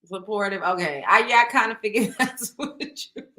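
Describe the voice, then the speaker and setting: A woman's voice: medium pitch, moderate pace, bright, forceful tone. A young woman hosting a casual live stream, reading comments aloud, laughing often and swearing playfully.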